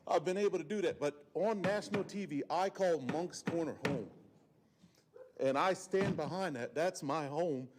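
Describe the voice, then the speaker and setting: Guy around 40, high voice, all worked up and blunt at the podium mic, lots of ums. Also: moderate pace, noisy background. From South Carolina Lowcountry. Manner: emotional, blunt, folksy, with many fillers and restarts. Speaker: resident giving public comment. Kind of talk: impassioned public comment. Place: county meeting chamber.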